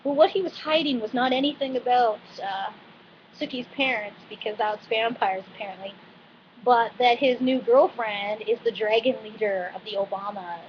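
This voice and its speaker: A woman with a slightly high voice runs through a TV episode recap in a loose, chatty way, tossing in animated asides and plenty of fillers. The recording sounds a little dull and lo-fi, with a faint hiss underneath. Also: normal speed. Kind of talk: casual TV recap monologue.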